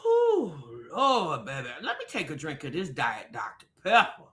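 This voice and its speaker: A woman's voice: deep voice, wildly swooping pitch, normal speed. A woman co-hosting a casual livestream, teasing and laughing as she reacts. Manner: teasing, laughing, shouting, re-enacts quotes.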